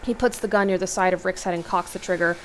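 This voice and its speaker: A woman host reading an interactive horror novel aloud, steady narration with exclaimed asides. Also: fairly low pitch, fast talker, a little hiss or hum. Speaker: let's play host.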